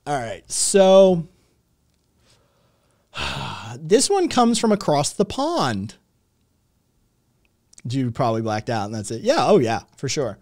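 A man's voice: fairly high pitch, sing-song, slow pace, pauses often, a little mellow, no echo, clean studio sound. A man hosting a podcast, chatting casually and sarcastically, swearing often and rambling with lots of fillers. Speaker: podcast host. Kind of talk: casual commentary chat.

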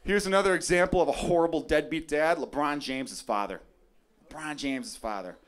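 A man's voice: on the high side, brisk. Ranting young stand-up comedian, man. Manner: loud, ranting punchlines with crowd laughter. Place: comedy club stage. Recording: live club recording with crowd noise. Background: audience laughter.

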